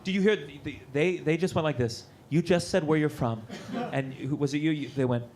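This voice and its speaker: On a club stage, a comedian in his thirties works the crowd, mocking audience members with brash, profane humor. He speaks a little fast in a slightly high, somewhat mellow voice, captured in a noisy live club recording.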